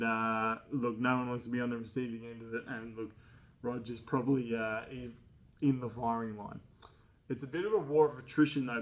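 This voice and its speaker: A young man telling a casual school anecdote, rambling with slang and laughing mid-sentence. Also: mid-range voice. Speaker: storyteller.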